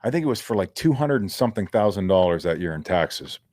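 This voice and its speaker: A man, a co-host and former pro football player, telling animated, candid stories in casual sports talk and swearing now and then. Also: sits low, fast talker, no echo, clean studio sound.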